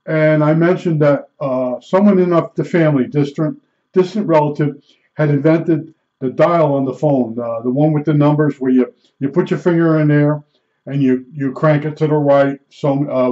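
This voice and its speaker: A man's voice: fairly high pitch, fairly even intonation, moderate pace, dark tone. A man telling stories in a casual monologue, rambling and folksy, with lots of fillers and restarts. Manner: imitates beeps with his mouth. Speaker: storyteller. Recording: dull lo-fi recording.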